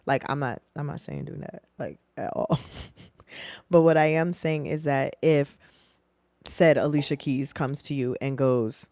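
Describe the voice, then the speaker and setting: Low-voiced woman giving casual career advice. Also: moderate pace, creaky, dry recording. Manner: animated, acts out dialogue in changed voices. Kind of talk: casual advice talk to camera.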